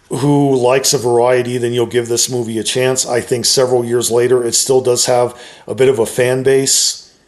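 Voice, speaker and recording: A man talking straight to his viewers, giving his opinion of a horror film in a relaxed, conversational way with frequent hedges. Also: mid-range voice. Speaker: YouTuber reviewing a film. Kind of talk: casual opinion monologue.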